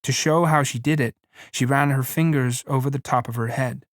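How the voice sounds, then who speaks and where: Man, audiobook narrator, measured reading, middle pitch, dry and close. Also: fairly even intonation, dry recording.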